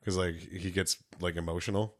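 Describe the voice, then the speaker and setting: A man in casual chat who tells stories with animated bursts and frequent swearing. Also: sits low, brisk. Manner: animated storyteller, swears a lot.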